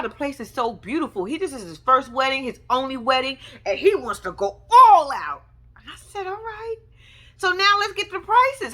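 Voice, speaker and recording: A young woman giving casual reality TV recap commentary, sassy and mocking as she acts out the people she talks about. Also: sits high. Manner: sassy, animated, mocking imitations.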